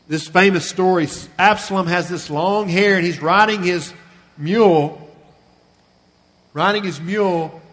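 A man preaching a sermon, retelling a scripture story with earnest feeling and slowing down and softening on the sad passages. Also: sits high. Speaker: pastor. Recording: long reverb of a large hall.

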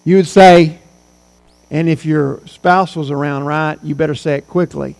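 A man's voice: on the high side, steady tone, measured pace, vocal fry, a little mellow, long reverb tail, rough recording. A man in his forties preaching a sermon as pastor, earnest and emphatic, repeating key phrases. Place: church sanctuary.

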